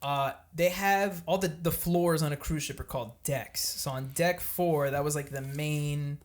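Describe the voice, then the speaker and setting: A man co-hosting a casual podcast, telling a vacation story in an animated way, swearing freely and acting out the people he met. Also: fairly high pitch, a little slow. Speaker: podcast co-host.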